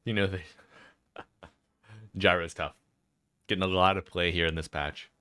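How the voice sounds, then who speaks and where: Laid-back deep-voiced male caster. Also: fairly even intonation, moderate pace, bright, forceful tone, smooth, no echo, studio quality. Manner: chatty, laid-back, reads out chat names. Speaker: esports caster. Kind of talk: casual live-stream commentary.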